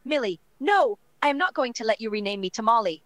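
A woman's voice: a little high, animated, fairly quick, a bit bright, dry recording, poor audio. A synthetic woman's voice reading a young British chatbot character, narrating her own actions in a prim tone. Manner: reads actions and lines aloud, prim. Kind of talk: text-to-speech chatbot roleplay.

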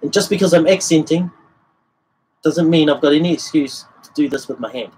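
A male guitar teacher with a slightly high, slightly fast voice runs a casual livestream lesson on a rough recording. He walks through the technique and sings rhythms as syllables, with guitar playing in the background.

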